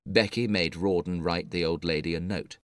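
Deep-voiced male story narrator. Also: fairly even intonation, a bit bright, dry recording, clean studio sound. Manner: measured, clear reading. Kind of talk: scripted story narration for English learners.

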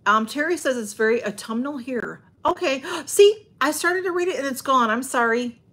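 A woman's voice: high voice, expressive, moderate pace, a bit bright, husky. A woman chatting on a livestream from home, rambling and greeting viewers by name as she reads their comments. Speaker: livestream host. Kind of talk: casual livestream chat.

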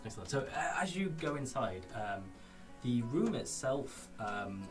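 A man's voice: medium pitch, very animated, a little slow. A man running a tabletop game as game master, loose and full of fillers, voicing a blacksmith. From England. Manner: loose, filler-heavy narration, laughs easily. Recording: distant mic with background music.

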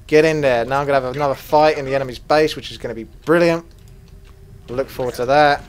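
A man commentating his own strategy game as he plays it, swearing freely and flaring into loud rage before calming down again. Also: medium pitch, fast. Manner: swears a lot, flares into loud rage then calms. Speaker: gaming commentator. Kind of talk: gameplay commentary.

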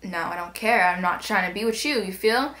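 A woman's voice: medium pitch, brisk, bright, forceful tone. Candid young woman in an echoey room. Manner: candid, conversational, quotes text messages aloud. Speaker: vlogger. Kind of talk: personal account, direct to camera.

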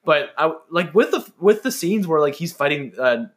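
A man's voice: a little high, lively intonation, moderate pace, a bit bright. A man co-hosting a casual movie podcast, jokey and rambling with lots of fillers. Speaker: podcast co-host. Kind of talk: casual chat.

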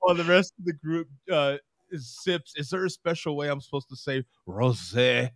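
A man from the United States hosting a casual video-call chat, talkative, laughing often and reading aloud in a halting way. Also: fairly high pitch, a bit bright, no echo. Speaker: host.

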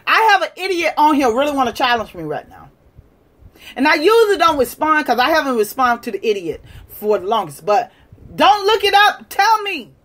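A woman hosting a livestream, lecturing and challenging viewers in a combative way, moving from shouting to quiet muttering. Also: high voice, sing-song, fairly quick. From United States. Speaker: livestream host. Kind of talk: live-stream rant to viewers.

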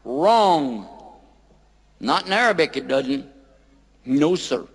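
A man giving a playful public lecture on a microphone, quizzing his audience and repeating words slowly for them to say back. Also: a little high, very animated, husky. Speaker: lecturer on Islam. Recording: long hall reverb.

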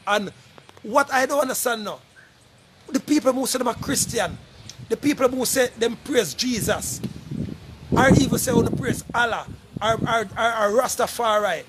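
A middle-aged Jamaican man with a very high-pitched voice talks to camera at normal speed, leaving long pauses, with background noise present. As a vlogger seeking donations, he makes a casual but emphatic, repetitive appeal, calling out to people repeatedly.

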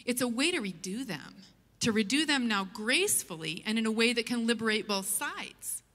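Bright-voiced woman preaching a sermon. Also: fairly high pitch, lively intonation, normal speed. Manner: earnest, storytelling preacher. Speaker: pastor. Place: church sanctuary. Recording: long church hall reverb.

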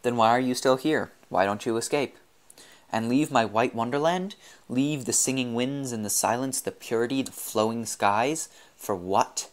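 A man voicing an insane half-man, half-machine male sculptor who speaks in a grandiose, theatrical, drawn-out way. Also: mid-range voice, close to an everyday voice.

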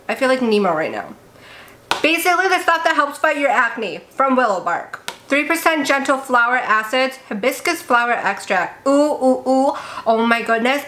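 A young woman vlogging casually as she unboxes beauty products, gushing and gasping with excitement. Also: sits high. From India. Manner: gushing, excitable, gasps often.

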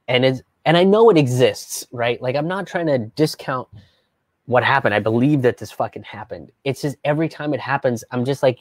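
A young man hosting a live stream as a comedian, talking in a casual, animated, profane way and slipping into mocking voices. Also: medium pitch, moderate pace, no echo. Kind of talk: casual livestream commentary.

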